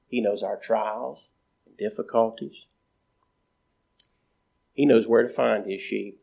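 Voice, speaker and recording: A man preaching a sermon in a slow, repetitive cadence, with emphatic rises and phrase endings that trail off quietly. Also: medium pitch, creaky, slightly rough.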